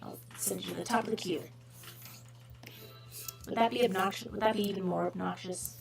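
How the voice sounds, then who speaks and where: Woman livestreaming while she draws, gravelly edge, chatty and self-mocking, music going behind her. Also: medium pitch, steady tone, a little fast. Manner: rambling, self-mocking, trails into whispers. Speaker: livestream host drawing requests. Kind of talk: casual livestream chat while drawing.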